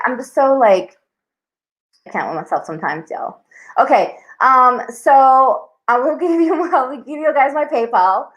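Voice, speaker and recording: A woman's voice: fairly high pitch, a bit bright, poor audio. A young woman hosting a live tarot stream, chatting casually with viewers in a bubbly, scattered way and saying "y'all" a lot.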